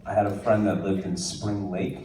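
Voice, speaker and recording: A man's voice: sits low, flat delivery, moderate pace. A man from New Jersey, a guest actor answering fan questions at a convention panel, joking and teasing and laughing often. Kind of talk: casual fan Q&A. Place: large convention hall with an audience. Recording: echoey hall, distant mic, crowd noise.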